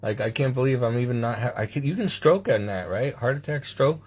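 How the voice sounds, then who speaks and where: A man talking casually to his phone camera from a hospital room, rambling and halting with restarts and nervous laughs. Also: medium pitch, lively intonation, a little mellow, husky. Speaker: patient sharing his health ordeal. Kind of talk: casual vlog monologue.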